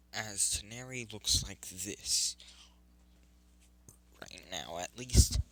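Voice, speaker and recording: A man's voice: on the low side, fairly bright tone, slight background noise, low-quality recording. A man narrating an improvised fan story, rambling and often stopping to correct himself.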